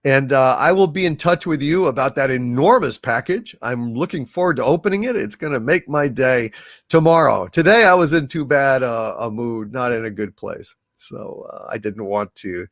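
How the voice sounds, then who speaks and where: Animated, sniffly male livestream host. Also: mid-range voice, normal speed, dry recording, clean studio sound. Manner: exclamatory, reads chat messages aloud with frequent fillers. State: sniffly and irritated throat from allergies. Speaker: livestream host reading viewer messages. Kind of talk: casual livestream chat.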